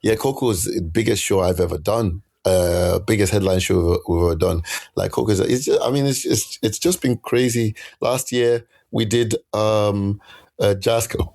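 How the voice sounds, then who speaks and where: Deep-voiced man telling tour stories. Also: moderate pace, creaky. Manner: animated storyteller with many restarts. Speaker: guest musician. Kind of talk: casual interview chat.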